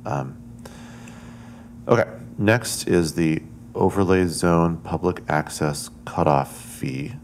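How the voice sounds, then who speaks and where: A man chairing a city committee meeting, measured and moving the agenda along. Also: low voice, slight background noise.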